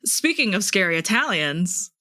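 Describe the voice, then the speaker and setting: Podcast cohost, bright sharp voice, deadpan jokes, dry close mic. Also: medium pitch, moderate pace, dry recording. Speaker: podcast co-host. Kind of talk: casual comedic chat.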